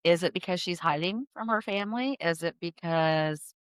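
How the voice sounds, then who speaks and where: A woman's voice: on the low side, moderate pace, clear, resonant tone, no echo. A woman podcast host casually telling a true-crime story, chatty and full of fillers and restarts. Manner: chatty, filler-heavy, self-correcting storyteller. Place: in-person podcast studio.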